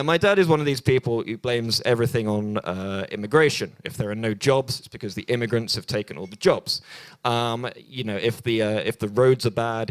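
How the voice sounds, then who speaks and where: A man's voice: mid-range voice, no room sound. A young British man doing a stand-up set at an open mic night in a bar, dry and self-deprecating, rambling with many ums and restarts, on a handheld stage mic. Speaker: stand-up comedian.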